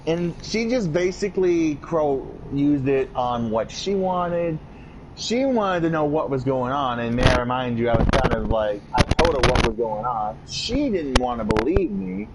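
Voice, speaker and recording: A man's voice: medium pitch, animated, measured pace, very noisy. A man hosting a podcast, telling a personal story in a casual, profane, ranting way. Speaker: podcast host. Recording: dull lo-fi podcast audio.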